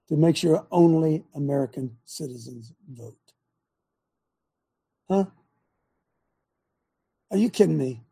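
Gravelly older man preaching with fire. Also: high-pitched, mellow. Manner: fiery, keeps asking rhetorical questions. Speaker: host, faith talk show. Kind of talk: preachy talk-show monologue.

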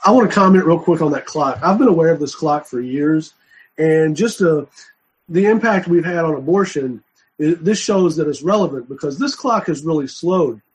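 Man, husky voice, earnest, halting, fairly high pitch. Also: animated, rough recording. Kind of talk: casual chat.

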